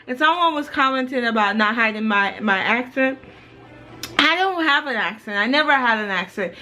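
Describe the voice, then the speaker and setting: A woman's voice: fairly high pitch, lively intonation, normal speed, sharp tone, soft background music, low-quality recording. A woman in her thirties from Jamaica, chatting casually to camera in a home vlog, rambling and full of "you know"s. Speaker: family vlogger.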